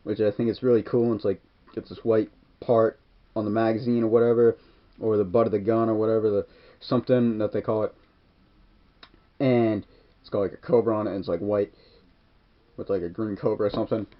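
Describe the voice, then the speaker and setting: A man with a lowish, steady voice talks briskly but leaves long pauses while casually recapping a movie. He's a movie reviewer who rambles with "like" and "kinda" throughout, recorded in dull lo-fi.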